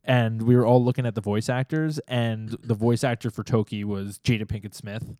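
A man co-hosting a podcast in casual chat, from New York, relaxed and joking, often trailing off mid-sentence. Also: lowish voice, normal speed, no room sound, clean studio sound. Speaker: podcast co-host.

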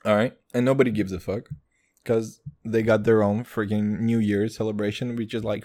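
A young man doing a rambling, profane comic monologue, jumping between voices and pitches as he riffs. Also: moderate pace. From Israel. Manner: profane, excitable, riffing with sudden jumps in pitch.

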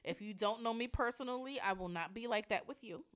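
A middle-aged woman co-hosting a podcast, telling loud, profane stories in casual chat and laughing often. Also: fairly high pitch, a little fast. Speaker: podcast co-host.

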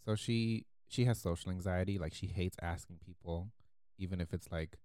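Low-ish guy telling a story on a podcast, laughs a lot, does little voices, dry close mic. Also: normal speed, smooth, no room sound. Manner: animated, laughs often, acts out quoted voices. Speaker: podcast co-host. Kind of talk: casual storytelling chat.

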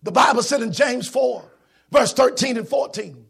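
Raspy, high-voiced shouting preacher man. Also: moderate pace. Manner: shouting, sing-song preaching cadence. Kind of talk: sermon. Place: church.

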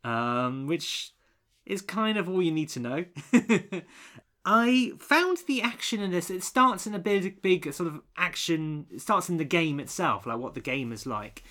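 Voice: medium pitch, expressive, measured pace, bright, forceful tone. Rambling film podcast co-host. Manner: rambling, self-correcting, many restarts and fillers. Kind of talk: casual film review chat.

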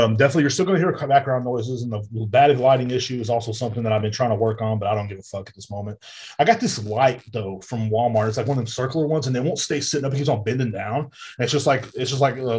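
Recording his podcast at home beside a street with a desk mic, an American host rants casually, full of profanity, fillers, and tangents. He talks at a quick pace in a husky, medium-pitched voice.

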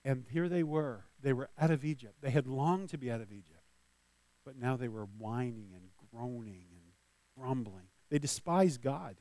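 A man's voice: medium pitch, animated, normal speed, dark tone, dry recording. Conversational male pastor preaching. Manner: conversational, with restarts and small laughs. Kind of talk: sermon.

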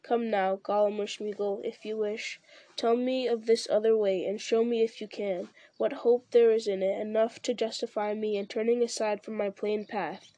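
A woman's voice: mid-range voice, level tone, normal speed, warm tone, no echo, lightly acted. A woman voicing a stern young male hero in an audiobook reading, speaking firmly and emphatically. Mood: earnest.

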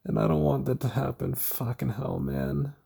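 A young man hosts his own casual solo podcast about a TV show, rambling while tired, stuttering and swearing. His voice is mid-range, animated and creaky, with a warm, slightly rough tone, delivered at normal speed.

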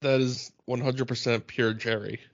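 A man's voice: medium pitch, fairly even intonation, normal speed, dry recording, highs cut off. A man co-hosting a podcast in casual chat, easygoing and laughing often. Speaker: podcast co-host. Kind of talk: casual chat recapping scenes.

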